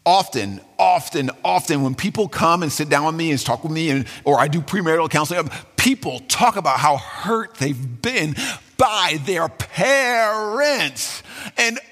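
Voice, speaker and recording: Animated pastor preaching in a reverberant hall. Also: male voice, normal speed, hardly any pauses, soft background music. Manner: animated, dramatic, with acted-out quotes and sudden pitch swings. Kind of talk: sermon.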